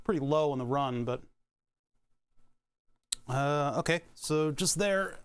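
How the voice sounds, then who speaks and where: Using a headset or desk mic, a streamer fixes a printer live while chatting jokingly and sarcastically, with frequent chuckles. His fairly high voice is clean in tone, and he takes his time, pausing often.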